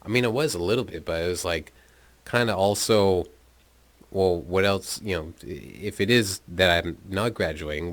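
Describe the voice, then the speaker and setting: Deep-voiced man rambling through a story. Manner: rambling, profane, laughs often. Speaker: podcast host telling his life story. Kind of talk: casual storytelling monologue.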